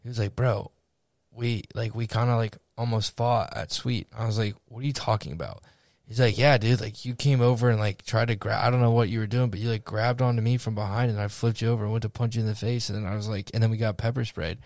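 A young podcast co-host with a lowish voice talks fast, telling a story in casual conversation. He is an animated storyteller who swears and acts out what people said. The studio recording is clean, with no echo.

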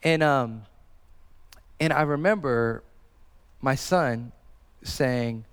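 A man's voice: medium pitch, very slow, long pauses, a bit bright, clear, resonant tone, long reverb tail. A man in his thirties preaching a sermon in an earnest, conversational way, repeating phrases for emphasis. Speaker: pastor.

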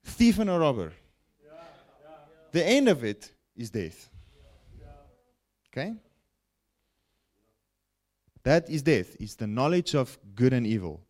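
A man preaching a broadcast sermon, with animated rises and falls and frequent "okay?" check-ins to his listeners. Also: medium pitch, measured pace. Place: broadcast teaching setting.

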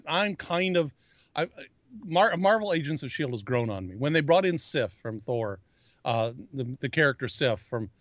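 A man's voice: medium pitch, no echo. A man co-hosting a casual pop-culture chat, rambling and often restarting his sentences as he calls himself a geek. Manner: self-described geek. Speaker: podcast co-host.

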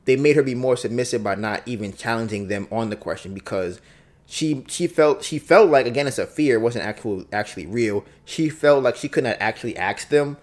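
A man with a medium-pitched voice talks a little fast as he hosts a podcast on his own. His solo monologue is casual and reflective, and he often repeats himself and plays out both sides of an argument.

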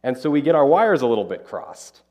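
A man preaching a conversational, animated Bible-teaching sermon as pastor. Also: mid-range voice, a little fast.

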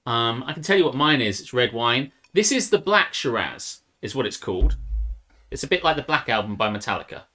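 Lively bright-voiced man from the US. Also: medium pitch, a little fast. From United States. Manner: rambling, self-deprecating. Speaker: stream co-host. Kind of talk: casual chat.

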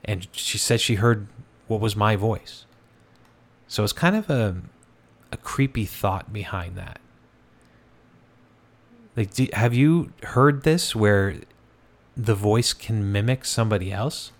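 A man hosting a show, telling a ghost story in a relaxed, conversational way with frequent fillers and restarts. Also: fairly low pitch, slow pace, pauses often. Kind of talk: casual storytelling.

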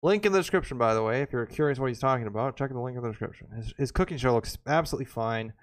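A man's voice: medium pitch, rapid-fire. A man co-hosting a casual chat, teasing his friend with mocking asides. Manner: mocking, wry. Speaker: co-host.

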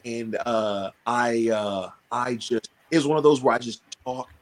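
A man, a pro wrestler, telling a story in a podcast interview, animated and acting out his own lines. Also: mid-range voice, a little slow. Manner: animated, acts out quotes, swears freely.

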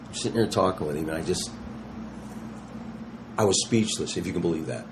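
A man in his sixties, a touring rock musician, appears as a guest in a casual interview, speaking in a fairly low voice and a little fast. He's an animated storyteller who leans on slang and acts out what other people said, and a faint hum of noise sits behind him.

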